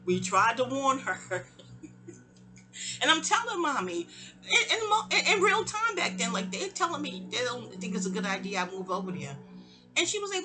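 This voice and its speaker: A middle-aged woman telling a long, rambling personal story and acting out the people in it. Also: normal speed. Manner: animated, digressive, acts out quoted voices with sharp pitch jumps.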